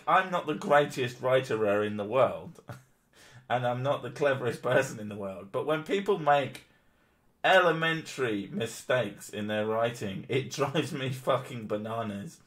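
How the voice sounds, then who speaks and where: A man's voice: mid-range voice, animated, unhurried, fairly bright tone. A man who streams, reading an article aloud in casual chat, swearing and mocking it with frequent laughs.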